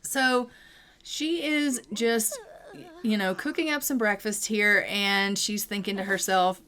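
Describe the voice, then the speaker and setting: A woman's voice: medium pitch, fairly even intonation, slow pace, pushed and bright. A young adult woman narrating her life-sim gameplay in a chatty, storytelling way as a gaming creator.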